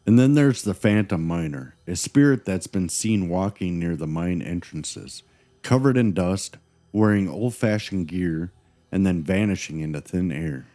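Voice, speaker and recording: A man with a very deep, mellow voice co-hosts a scripted paranormal podcast. He tells ghost stories with dramatic pauses and a playful, teasing edge. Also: expressive. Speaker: podcast co-host.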